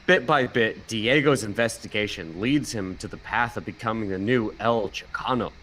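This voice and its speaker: A man's voice: on the low side, normal speed, fairly bright tone, slight background noise, rough recording. A man on a podcast reading a movie review aloud, stumbling now and then and laughing at it. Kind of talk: casual chat, reading an article aloud.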